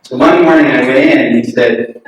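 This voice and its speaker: A man giving an anecdotal remembrance at a memorial gathering, telling relaxed stories and chuckling often. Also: medium pitch, moderate pace. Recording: very echoey hall, distant mic, noisy.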